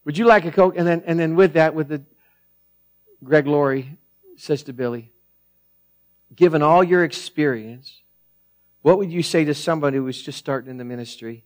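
A man preaching a sermon as pastor, earnest, repeating and restarting phrases, swinging between emphatic peaks and quiet, low passages. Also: normal speed, pauses often.

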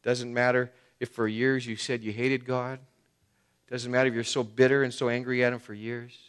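A male pastor preaches a sermon to a church congregation, with a voice of middling pitch. His delivery is conversational, full of fillers like "you know" and "man". He leans hard on key phrases and then drops to near-hushed tones. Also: level tone, moderate pace, smooth. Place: church sanctuary.

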